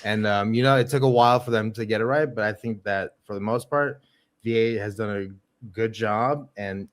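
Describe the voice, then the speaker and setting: A man co-hosting a podcast in casual chat, chiming in with quick agreements and wry asides. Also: lowish voice, no echo. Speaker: podcast co-host.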